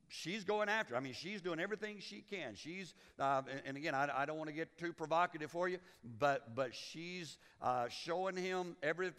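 In a church sanctuary with long reverb, a pastor delivers his sermon in a high, bright male voice. He ribs the congregation in folksy fashion and acts out the quotes he cites.

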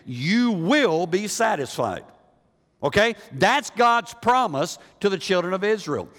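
A man's voice: high-pitched, big-room sound. A man preaching a sermon as a pastor, conversational, with many restarts and rhetorical questions. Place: church sanctuary.

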